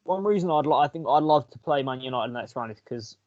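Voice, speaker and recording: A man's voice: mid-range voice, expressive, fast, no echo. A man co-hosting a football podcast, giving opinions and telling stories. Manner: opinionated, storytelling. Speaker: podcast co-host. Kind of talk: casual football chat. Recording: dry, dull, lo-fi mic.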